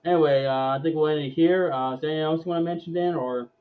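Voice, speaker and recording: A man's voice: fairly high pitch, steady tone, rapid-fire. A man hosting a casual live-stream sports chat, stumbling and repeating words as he goes. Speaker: host. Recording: dull lo-fi audio.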